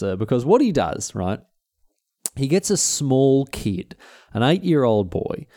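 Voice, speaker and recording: Aussie bloke yarning about history, jokey, lively pitch, mellow dry voice. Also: male voice, moderate pace, no room sound. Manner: jokey, digressive, frequent restarts. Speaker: history presenter. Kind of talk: casual history storytelling.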